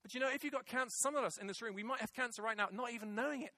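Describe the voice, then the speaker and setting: A man's voice: extremely high pitch, rapid-fire, pushed and bright, no room sound. A middle-aged male pastor preaching a sermon, emphatic and repeating key phrases for weight. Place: church hall with congregation.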